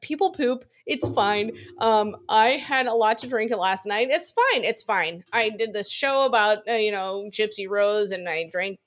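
A woman's voice: medium pitch, measured pace, few pauses, a bit bright. A woman co-hosting a casual chat podcast, telling stories with lots of swearing and laughter. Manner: profane, laughs often, tells stories. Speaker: podcast co-host.

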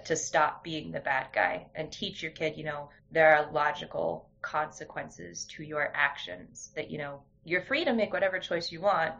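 A woman's voice: low-pitched, creaky, fairly bright tone. A young woman talking candidly in a casual conversation, telling stories with frequent restarts. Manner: candid, storytelling, many restarts. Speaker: guest. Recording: dull lo-fi sound.

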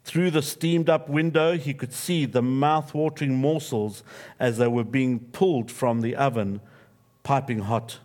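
A man's voice: mid-range voice, unhurried. Male pastor preaching a sermon. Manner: steady storytelling, softening into reverent prayer. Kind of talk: sermon with storytelling and closing prayer. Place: church.

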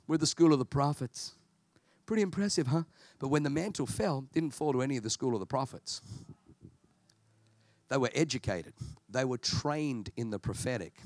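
An Australian man preaches a sermon at a church service in a medium-pitched voice with no echo. His style is animated storytelling, laced with humor.

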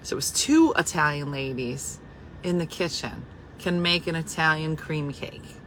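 Chatty New woman, bright voice. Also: low voice, measured pace, slight background noise, low-quality recording. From New Jersey. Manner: chatty, animated, swings to hushed asides. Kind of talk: casual chat reacting to comments.

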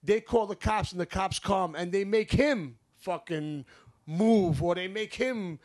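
A man's voice: high-pitched, measured pace, a little mellow. A young man with a New York accent, co-hosting a casual chat and ranting in heated, profane bursts. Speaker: podcast co-host.

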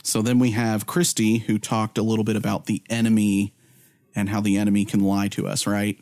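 Low-voiced chatty male podcast co-host. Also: monotone, brisk, darkish tone, no room sound. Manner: loose and chatty, many "um" and "like" fillers, laughs easily. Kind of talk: casual chat and spoken prayer.

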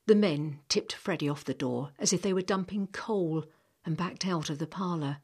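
A woman narrates an audiobook with a low, slightly husky voice. Her reading is measured and expressive, with a slightly breathy edge.

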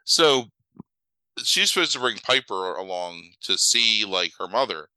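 Bright, chatty man recapping a movie. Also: fairly low pitch, sing-song, clear, resonant tone, dry recording, low-quality recording. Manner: rambling, acts out scenes in quick mock voices; swears freely, lots of fillers. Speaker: podcast host. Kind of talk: casual movie recap chat.

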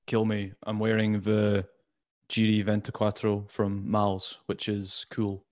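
A man on a casual video chat, delivering gloomy jokes in a deadpan way. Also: on the low side, slow. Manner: deadpan, dark humor. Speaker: panel guest. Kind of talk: casual live stream chat. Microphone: video call.

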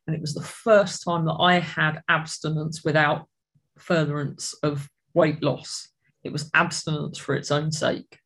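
An adult sharing their personal recovery story at a support meeting, speaking in an earnest, reflective way with halting restarts. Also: medium pitch, fairly bright tone.

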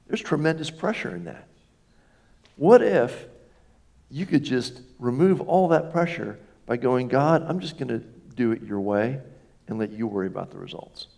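A man's voice: medium pitch, lively intonation, normal speed, creaky, a little mellow. Folksy storytelling pastor, a man. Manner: folksy, self-deprecating humor, rhetorical questions. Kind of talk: conversational storytelling sermon.

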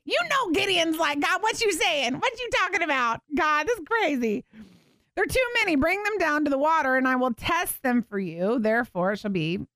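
Animated woman teaching the Bible. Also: medium pitch, no echo, studio quality. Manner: animated, expressive, laughs and acts out voices. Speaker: show host, Bible teacher.

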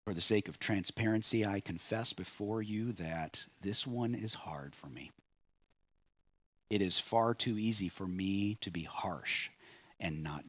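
A pastor preaching a sermon in a measured way, rising on key phrases and dropping soft at line ends. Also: male voice, low voice, breathy edge.

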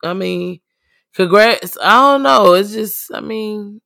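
A woman's voice: mid-range voice, takes it slowly, creaky, pushed and bright, no room sound, clean studio sound. A woman co-hosting a casual chat, making wry, hesitant, joking asides. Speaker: podcast co-host.

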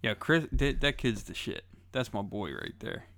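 Gravelly-voiced man swearing in casual chat. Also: fairly low pitch, moderate pace, no room sound. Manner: swears a lot, rambling, animated storytelling. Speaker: podcast co-host. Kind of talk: casual crude banter. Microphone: studio mic.

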